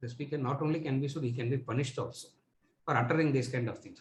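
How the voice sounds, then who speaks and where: Before a seated live audience in an echoey lecture room, a man delivers a spiritual lecture on scripture, posing rhetorical questions and repeating words for emphasis. His voice is mid-range and quick, with a little hiss or hum in the recording.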